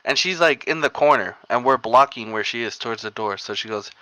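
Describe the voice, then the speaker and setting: A young man from New York tells rambling street stories on a casual podcast. His voice is bright and forward, and he fills his speech with "like" and "bro". The sound is close and dry. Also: mid-range voice, a little fast, dry recording, rough recording. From New York area. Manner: rambling, laughing anecdotes full of "like" and "bro". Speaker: podcast co-host. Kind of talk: casual storytelling chat.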